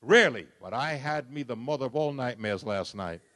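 A middle-aged man preaching a sermon, swinging from soft, low lines to loud, impassioned ones. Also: animated, a little fast. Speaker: pastor.

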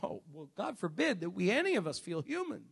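A man preaching a sermon in church as pastor, emphatic, swinging between shouts and hushed asides. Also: sits high, very animated, fairly quick, gravelly, breathy edge. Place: church service.

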